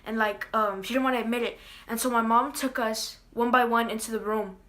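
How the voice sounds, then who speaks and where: A woman's voice: fairly high pitch, steady tone, brisk, fairly bright tone. A young woman telling a personal story in a casual vlog, rambling with lots of fillers, earnest. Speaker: vlogger.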